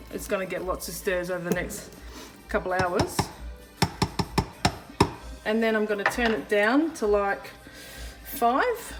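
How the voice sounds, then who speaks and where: A woman's voice: mid-range voice, echoey room, rough recording. An Australian woman hosting a cooking video, telling a story casually with lots of fillers and acted-out quotes. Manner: chatty, lots of fillers, acts out quoted lines.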